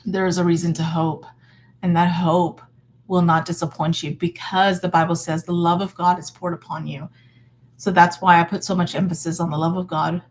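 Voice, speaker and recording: Speaking to her viewers in a relaxed faith vlog, this thirtysomething woman is earnest and encouraging, often restarting and using fillers. Her pitch is fairly low, her delivery flat and moderately paced, over slight background noise.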